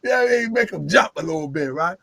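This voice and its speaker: A man telling a long, jokey story in lively chat, acting out the voices he quotes. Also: sits high, fast talker, gravelly, no room sound.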